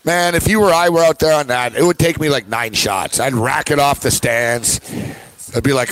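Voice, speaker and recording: A man co-hosting a casual sports talk show, telling a story with excited, laughing play-by-play. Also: on the high side, normal speed, dry recording, rough recording. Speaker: sports radio co-host.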